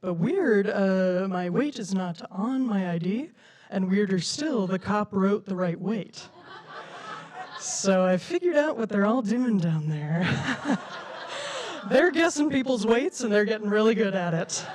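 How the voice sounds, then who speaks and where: Young woman stand-up from Denver, lilting and quirky, mid-pitched voice. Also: animated, a little slow, a little mellow. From Denver, USA. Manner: lilting, quirky, self-described silly way of talking. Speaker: stand-up comedian. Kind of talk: stand-up routine. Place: comedy stage before a live audience.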